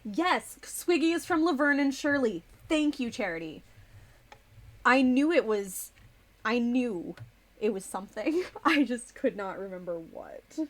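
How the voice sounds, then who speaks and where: Slow-talking woman streamer chatting with chat. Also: on the high side, big pitch swings. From United States. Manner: chatty, distracted, reads chat aloud and types. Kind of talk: casual live-stream chat.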